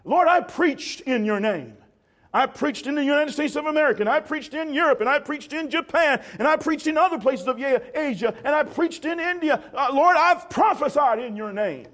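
A boastful preacher, as a man puts him on, brags in a raised, loud voice. His tone is self-important and pushy, climbing high and swinging widely. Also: lively intonation, moderate pace. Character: boastful male preacher bragging of his deeds.

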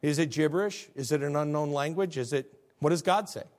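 A middle-aged man preaches to a congregation in a fairly high voice. His delivery is plain and folksy, and he walks through terms one by one. He keeps posing rhetorical questions to the room. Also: a little fast, a little mellow. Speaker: pastor. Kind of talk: sermon. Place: church service before a congregation.

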